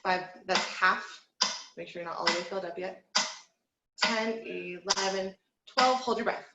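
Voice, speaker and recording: A woman's voice: fairly low pitch, steady tone, fairly quick, echoey room, heavy background noise. A woman vocal teacher leading an online singing lesson from home, guiding breathing exercises in an encouraging, instructive way and counting aloud. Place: home room.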